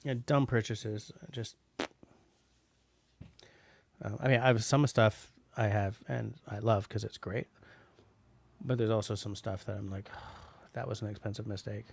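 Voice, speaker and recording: A man's voice: on the low side, fairly even intonation, takes it slowly, gravelly, pauses often. A middle-aged man from Canada hosting a casual livestream, reading out chat messages and rambling with lots of restarts and fillers.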